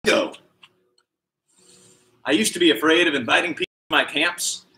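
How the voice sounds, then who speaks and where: A high-energy man coaches a kids' PE class live, his bright, sharp voice firing out moves and encouragement without a pause. He sits a little high for a man and sounds like he is moving along with the class. The sound bounces around an echoey room, picked up by a camera mic at some distance. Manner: energetic, upbeat, nonstop coaching patter calling out moves. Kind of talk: live-streamed exercise class.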